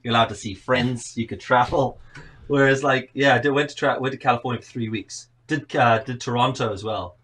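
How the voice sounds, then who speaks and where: A man's voice: medium pitch, steady tone, fairly quick, fairly bright tone, breathy edge. A man in his thirties from South Africa, with a South African accent blended with Northern Irish, chatting casually and telling rambling, self-deprecating stories on a remote call. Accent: South African mixed with Northern Irish. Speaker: podcast guest. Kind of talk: casual chat.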